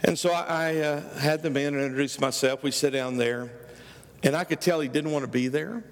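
A middle-aged male pastor preaching a sermon, emphatic and rising loud on key phrases. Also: fairly high pitch, a little fast. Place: church sanctuary. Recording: church hall with long reverb.

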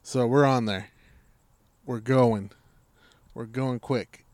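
A man's voice: medium pitch, slow, dry recording. A man telling a story in casual chat, swearing freely and acting out what people said. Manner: profane, animated storytelling with acted-out quotes.

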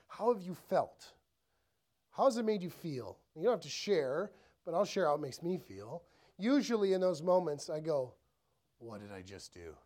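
A man's voice: high-pitched, a little mellow. Conversational man preaching a sermon. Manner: conversational, asks the room rhetorical questions; acts out inner thoughts in quoted voices. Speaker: pastor. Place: church.

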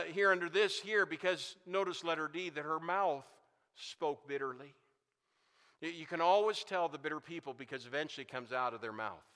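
A man's voice: a little high, sharp tone. A man preaching a sermon as pastor, building emphasis with repeated phrases. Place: church sanctuary. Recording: long reverb of a large hall.

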